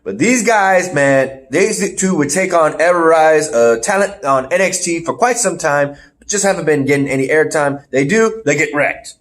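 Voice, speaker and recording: A man co-hosting a casual podcast, rambling through a wrestling match recap with animated play-by-play and the odd laugh. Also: on the high side, moderate pace, hardly any pauses. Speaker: podcast co-host. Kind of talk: casual wrestling review chat.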